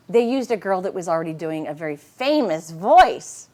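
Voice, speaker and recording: A middle-aged woman, a voice actress, telling casual anecdotes in an animated way and laughing often. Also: fairly low pitch, normal speed, hardly any pauses, slight background noise. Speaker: voice actress and interview guest.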